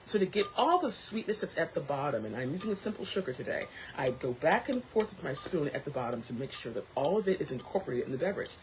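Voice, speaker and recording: A woman hosting her own tea talk show, chatting casually to camera, lively and quick to laugh. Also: deep voice, a little hiss or hum, low-quality recording.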